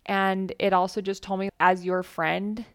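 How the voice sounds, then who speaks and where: An earnest woman host chats through personal stories, her mid-range voice carrying a gravelly rasp. She lifts her voice when she acts out the people she quotes, and the sound is close and dry. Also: medium pitch, little pitch movement, a little slow, a bit bright, no room sound. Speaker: podcast host. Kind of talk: personal storytelling to listeners.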